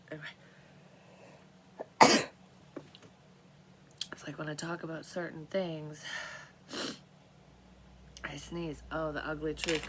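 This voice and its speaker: A woman's voice: low voice, fairly bright tone, slight background noise, low-quality recording. A woman who is losing her voice, casually rambling in a vlog as a tarot reader, often cutting herself off. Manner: rambling, profane, self-interrupting. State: losing her voice, clearing throat and coughing.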